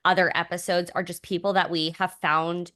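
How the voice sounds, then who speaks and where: A woman with a slightly low voice co-hosts a relaxed podcast. She talks candidly and loosely, and she keeps checking in with "right?" and "like". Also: brisk. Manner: animated and candid, many fillers and rhetorical 'right?'. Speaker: podcast co-host. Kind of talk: casual podcast chat.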